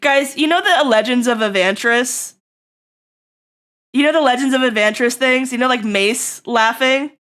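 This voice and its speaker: A woman streamer in casual live-stream chat, rambling and breaking into loud laughter, her throat getting tickly. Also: a little high, moderate pace.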